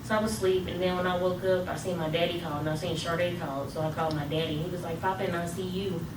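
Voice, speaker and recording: Młoda kobieta z teksańskim akcentem, cicha i zmęczona, niski głos, echo i szum w tle. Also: female voice, on the low side, steady tone, quick pace. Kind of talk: casual personal testimony. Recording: echoey room, far mic, noisy.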